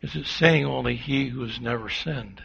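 A man preaching a sermon, swinging between loud and hushed and asking the congregation rhetorical questions. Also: medium pitch, normal speed, gravelly, a little hiss or hum. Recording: dull lo-fi sound.

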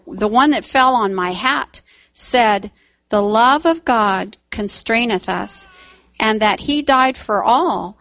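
A woman telling a story voices an older man who slowly and sincerely confesses that he has been humbled. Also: on the high side, a bit bright, no echo.

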